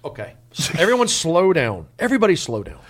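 A man hosting a comedy podcast, bossy and exasperated, repeatedly telling the others to slow down. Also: high-pitched, wildly swooping pitch, a little hiss or hum. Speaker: podcast host. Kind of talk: casual comedy podcast banter.

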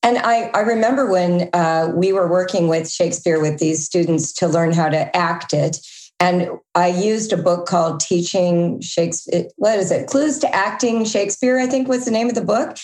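A woman in her fifties hosting an interview, enthusiastic and warm-hearted. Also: on the low side, moderate pace, roomy sound. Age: 50s. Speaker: host. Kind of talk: conversational interview.

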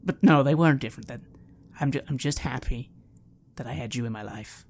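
Man doing a halting, remorseful gentle lecturer. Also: mid-range voice, gravelly, slight background noise, natural voice. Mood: tender. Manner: halting, tender, apologetic.

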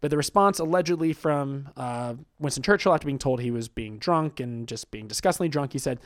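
A man's voice: mid-range voice, brisk. A man co-hosting a casual podcast, explaining things in a chatty way with plenty of fillers. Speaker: podcast co-host presenting quotes.

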